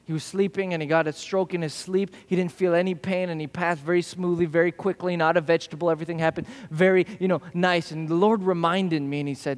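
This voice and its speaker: A pastor preaches a sermon in a church service hall, telling stories and acting out the voices of the people in them. His voice is a little high, with fairly even intonation and a slightly fast pace. The recording has church hall reverb.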